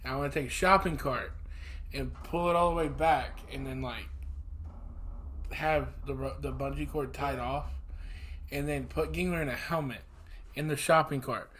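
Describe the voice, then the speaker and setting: A man's voice: medium pitch, steady tone, moderate pace, pauses often, fairly bright tone, slight background noise. A man co-hosting a podcast in casual chat, joking and teasing his friends.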